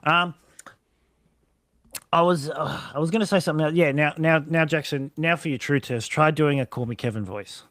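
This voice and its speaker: A man's voice: on the high side, normal speed, fairly bright tone, no room sound. A man co-hosting a casual podcast, rambling and correcting himself as he goes. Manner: rambling, self-correcting, laughs often. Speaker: podcast co-host. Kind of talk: casual chat.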